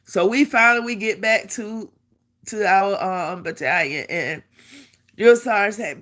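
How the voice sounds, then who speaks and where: A middle-aged woman tells a personal story in a casual, lively way. Her voice is bright and forceful, and she slips into the voices of the people she quotes. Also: medium pitch, measured pace. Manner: animated, acts out quotes, laughs while telling. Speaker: vlogger.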